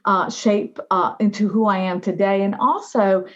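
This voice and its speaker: Middle-aged woman, animated interview guest, chatty storyteller, mid-pitched, slightly muffled audio. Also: normal speed. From United States. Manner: animated, frequent "right?" and "you know". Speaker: guest, diversity officer.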